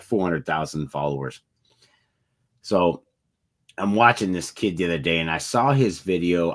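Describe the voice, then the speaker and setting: A man's voice: deep voice, fairly bright tone. A man co-hosting a motivational podcast, telling stories in a rambling, earnest way. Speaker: podcast co-host. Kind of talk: casual motivational chat.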